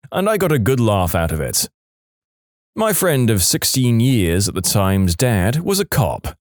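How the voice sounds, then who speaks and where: A man narrates short storytime anecdotes with an animated, swinging delivery. He slips into quick put-on voices for the people he quotes. The recording is close and dry, with no room sound. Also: medium pitch, no room sound. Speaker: narrator reading stories.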